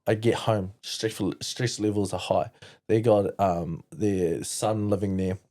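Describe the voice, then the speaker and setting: A man's voice: lowish voice, fairly even intonation, slow, dark tone. A New man telling his life story as a podcast guest, candid and rambling, with lots of fillers and swearing. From New Zealand. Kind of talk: casual storytelling.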